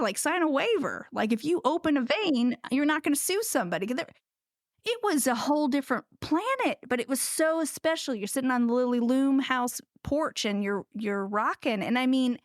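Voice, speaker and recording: Lively, high-voiced Southern-tinged American woman. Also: no echo, studio quality. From United States. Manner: animated, jokey, slips into put-on voices. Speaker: guest ceramicist. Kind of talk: casual conversation.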